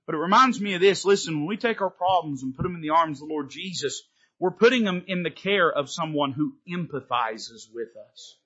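A man preaching an impassioned sermon from a church pulpit, his pitch rising and falling sharply. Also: animated, a little fast, a bit bright, breathy edge, dull audio. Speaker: Baptist pastor. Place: church sanctuary.

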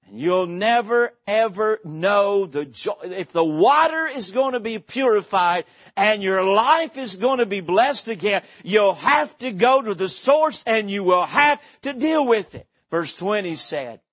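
A man's voice: sits high, fairly bright tone, no echo, muffled recording. A man preaching a sermon from a church pulpit, emphatic and repetitive, telling stories to make his point. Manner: emphatic storytelling preacher, repeats phrases. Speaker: pastor.

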